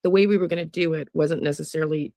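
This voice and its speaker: American psychic true crime host, rambly, keeps restarting, gravelly voice, dry close sound. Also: mid-range voice, steady tone, quick pace, dark tone, no echo. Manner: rambling, frequent restarts and trailing asides. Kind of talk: casual monologue to viewers.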